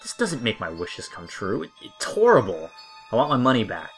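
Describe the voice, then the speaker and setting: A man voicing an impulsive, greedy adult man who talks loud and pleading. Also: sits low, animated, moderate pace, soft background music, full character voice. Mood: agitated.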